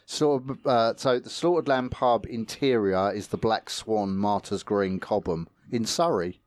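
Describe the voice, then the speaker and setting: Male podcast co-host, lowish voice, blunt, offhand swearing, dry close mic. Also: unhurried, no echo. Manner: blunt, matter-of-fact, swears casually. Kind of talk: casual podcast chat.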